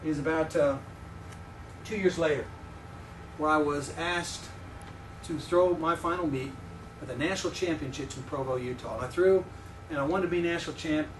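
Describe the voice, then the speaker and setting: A man in his fifties, a visiting preacher, telling personal stories in a sermon with animated, joking delivery to his audience. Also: on the high side, normal speed, pauses often, recorded from a distance, slight background noise. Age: 50s. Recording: echoey hall, voice from off-mic.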